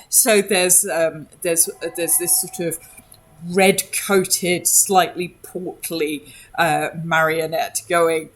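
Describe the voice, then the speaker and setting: A woman running a tabletop game as game master, narrating scenes in a hesitant, descriptive way with many pauses. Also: fairly low pitch.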